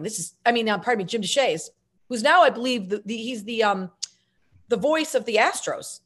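A middle-aged actress and filmmaker telling stories as an interview guest, lively and self-mocking, jumping between tangents. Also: female voice, a little high, brisk, husky. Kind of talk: casual interview storytelling.

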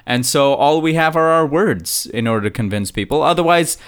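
A man co-hosting a casual podcast chat, rambling and animated, often repeating himself as he builds a point. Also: fairly high pitch, a little fast. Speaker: podcast co-host.

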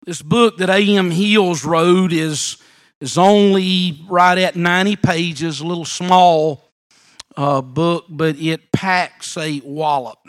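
A man preaching a sermon at a church service, deliberate and measured, often repeating a word as he goes. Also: high voice, fairly bright tone.

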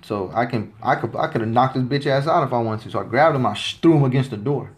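A man's voice: mid-range voice, fast. A man in his thirties hosting a podcast, telling a story about his time in the service in a blunt, swaggering, heavily profane way. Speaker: podcast host. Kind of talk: casual storytelling monologue.

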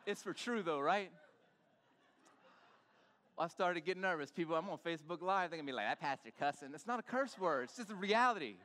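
Animated male pastor preaching in a hall. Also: sits high, brisk, pauses often. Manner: animated, banters with the congregation. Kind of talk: sermon. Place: church sanctuary.

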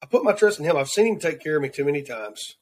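A man's voice: a little high, lively intonation, fast talker. A man with a Southern accent giving an earnest, rambling devotional segment as a podcast host, repeating words as he searches for them. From Southern United States. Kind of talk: devotional segment of a talk show.

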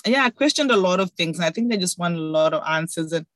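A young woman, speaking softly and reflectively in a heartfelt chat. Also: lowish voice, animated, fast talker, dry recording. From Zimbabwe. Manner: reflective, soft-spoken.

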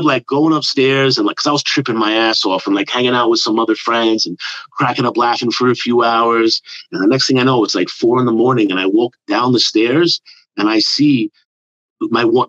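A man of medium pitch talks briskly as a comedian guest on a casual podcast, telling a profane, wandering story. He's from the New York area and animated, doing put-on quotes. The recording sounds dull, lo-fi and dry, with no echo.

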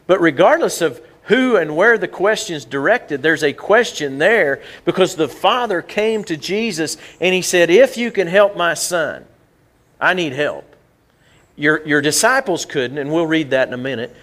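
In a church sanctuary, a middle-aged pastor delivers his sermon at a measured pace with a fairly high, fairly bright and expressive voice. His manner is chatty, and he keeps repeating himself and starting sentences over.

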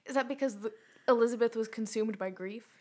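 A woman's voice: a little high, brisk, warm tone. Laughing woman podcast co-host. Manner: laughs often, plays interviewer. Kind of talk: casual chat.

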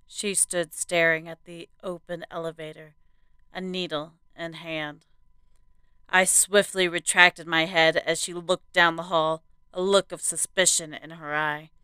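Smooth-voiced woman narrating horror. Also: lowish voice, pushed and bright, no room sound. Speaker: podcast host and narrator.

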